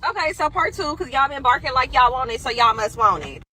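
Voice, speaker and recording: A woman's voice: high-pitched, lively intonation, brisk, bright, forceful tone, rough recording. A woman telling a gossip story in a blunt, profane way, acting out what people said. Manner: blunt, profane, retells dialogue in voices. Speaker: storyteller in a played clip. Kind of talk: casual storytime. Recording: outdoor clip with traffic noise.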